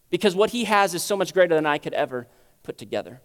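A fast, expressive preacher gives a conversational, teaching-style sermon in a church sanctuary that adds long hall reverb. He leans on rhetorical questions and moves between booming emphasis and hushed lows.

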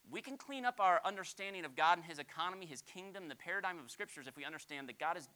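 A male pastor preaching a sermon, animated, swinging from loud exclamations to quiet asides. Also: high voice.

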